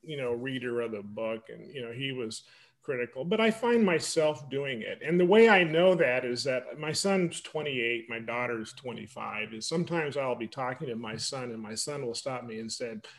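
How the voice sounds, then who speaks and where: A man in his fifties, an author interviewed as a guest, telling animated stories with frequent laughter. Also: medium pitch, moderate pace, poor audio. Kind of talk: conversational interview storytelling.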